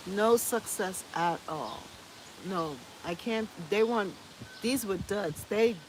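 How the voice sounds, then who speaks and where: A mid-range female voice with a little hiss or hum belongs to an American gardening live-stream host. She reads viewers' comments aloud and chats back casually, laughing easily.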